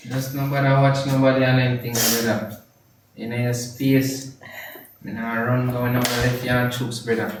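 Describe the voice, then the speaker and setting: A Jamaican man on a live stream keeps soothing and apologizing, his voice sitting at an ordinary middle pitch. He sounds far from the mic in a very echoey space, with a faint hiss behind him. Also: measured pace. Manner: soothing, apologetic, repeatedly urging calm. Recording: echoey and distant with faint noise.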